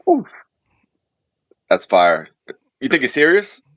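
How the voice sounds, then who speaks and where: A man guesting on a casual talk show, laid-back and quick to laugh. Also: medium pitch, huge pitch swings, fairly bright tone, no room sound, clean studio sound. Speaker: comedian guest. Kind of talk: casual chat.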